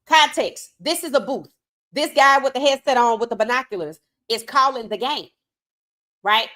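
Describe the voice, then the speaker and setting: A woman's voice: high-pitched, normal speed, bright, forceful tone. Outspoken woman sports podcast host. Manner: outspoken, reads chat comments aloud. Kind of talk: casual live-stream commentary.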